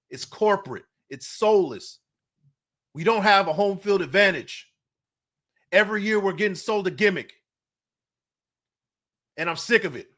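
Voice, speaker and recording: Guy going off on a fan rant, high bright voice, keeps tripping over his words. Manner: heated, repeats words when worked up. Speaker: podcast host.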